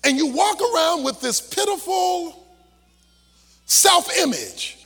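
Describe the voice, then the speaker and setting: A middle-aged male pastor preaching a sermon with an impassioned, shouting, half-sung cadence. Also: very high-pitched, very animated, slow, vocal fry. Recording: long hall reverb, faint music.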